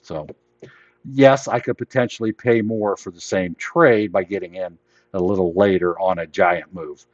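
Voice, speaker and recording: Low-voiced man teaching trades, voice worn. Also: fairly even intonation, moderate pace, dry recording, highs cut off. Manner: rambling, self-correcting, plain-spoken. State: losing his voice. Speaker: trading educator hosting a live stream. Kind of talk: casual live teaching.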